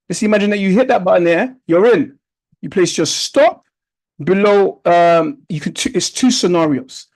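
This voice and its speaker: A man with a notably high voice walks students through a chart in a live online trading class. He coaches by repeating key points and asking rhetorical questions, heard through a video-call mic. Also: a little mellow, rough recording. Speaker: trading instructor.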